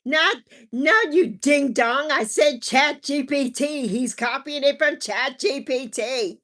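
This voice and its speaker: A middle-aged woman chats casually on her livestream, reading comments out loud and laughing often. Her voice sits a little higher than most women's. She talks loosely and lively. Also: slow. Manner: animated, laughs often, reads chat aloud. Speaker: livestream host reading chat.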